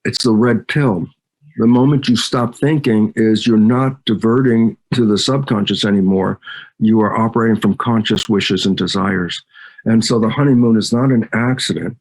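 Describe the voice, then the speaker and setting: A man's voice: fairly low pitch, normal speed. A man giving an interview, explaining ideas emphatically and acting out both sides of conversations as he tells stories. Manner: animated storyteller who acts out both sides of conversations. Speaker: guest speaker. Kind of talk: interview talk.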